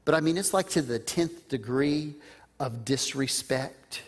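A man's voice: medium pitch, a little slow. A man preaching a sermon in a conversational way, putting questions to the listeners. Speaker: pastor.

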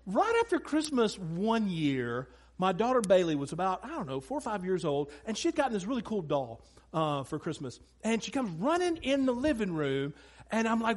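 A man's voice: high-pitched, moderate pace. A man preaching a sermon to a congregation from a church stage. He tells funny family stories and talks directly to the crowd. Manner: animated, humorous storyteller who talks to the congregation. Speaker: pastor.

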